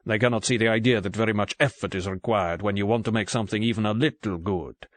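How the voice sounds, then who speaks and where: A man voicing a deep-voiced gruff Greek man. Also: dry recording, natural voice. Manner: measured, contemptuous. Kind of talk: audiobook character voice.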